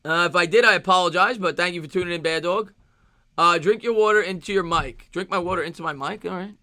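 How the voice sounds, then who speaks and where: A man with a New York accent runs a casual live-stream Q&A and answers viewer questions as they come in. His voice is bright and forceful, set a little higher than most men's. He talks loosely, with many fillers and repeated phrases, recorded dry and close. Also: fast, no room sound. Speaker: sports stream host.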